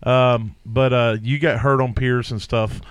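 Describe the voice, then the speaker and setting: A man's voice: medium pitch, steady tone, unhurried, clean tone, dry recording. A man co-hosting a casual podcast chat, talking hesitantly with frequent restarts and laughter. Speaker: podcast co-host. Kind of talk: casual fantasy sports chat.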